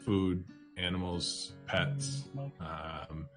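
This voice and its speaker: A man narrating as dungeon master, halting with frequent ums and restarts. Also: deep voice, flat delivery, music in the background. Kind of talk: narrating a tabletop game.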